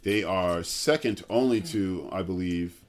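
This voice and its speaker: A man's voice: deep voice, a little slow. A man co-hosting a casual sports podcast, laid-back and profane, laughing often. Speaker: podcast co-host.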